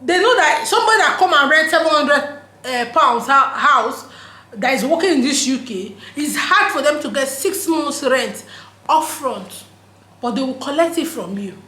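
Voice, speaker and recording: A woman with a Nigerian accent, talking straight to camera in an emphatic, laughing vlog voice that drops into pidgin phrases. Her voice sits high, and the recording carries a roomy echo. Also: lively intonation, moderate pace, bright, forceful tone. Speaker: vlogger. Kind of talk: casual opinion monologue.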